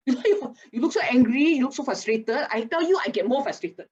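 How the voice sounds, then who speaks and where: A woman, speaking as an animated expert in an online masterclass and teasing her audience. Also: sits high, fairly quick, slightly rough, dull audio. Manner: animated, chatty, teasing, with local particles like lah. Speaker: guest speaker on mental wellness.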